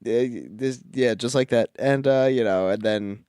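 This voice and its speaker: A man co-hosting a podcast, chatting about a film with quick jokey interjections. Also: mid-range voice, darkish tone, clear, resonant tone, dry recording, studio quality. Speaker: podcast co-host. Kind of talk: casual movie recap chat.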